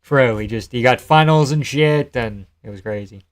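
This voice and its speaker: A man's voice: medium pitch, moderate pace. Joking, profane male streamer. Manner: loose, joking, profane, laughs often. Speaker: live streamer. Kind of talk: casual live fight commentary and chat reading.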